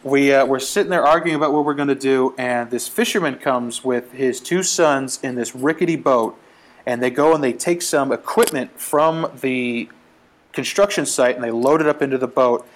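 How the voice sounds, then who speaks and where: A man casually telling a travel story as a podcast guest, animated, acting out the voices in it. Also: medium pitch, moderate pace.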